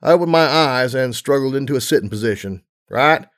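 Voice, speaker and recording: Guy reading a story out loud, steady and even, mid voice. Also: mid-range voice, fast. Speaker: narrator. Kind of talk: audiobook reading of fan fiction.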